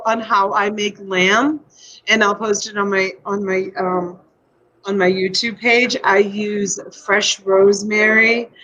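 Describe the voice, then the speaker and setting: This middle-aged woman hosts a casual live-stream chat from home, rambling and effusive. Her mid-range voice is a bit bright, and the USB desk mic gives a muffled recording.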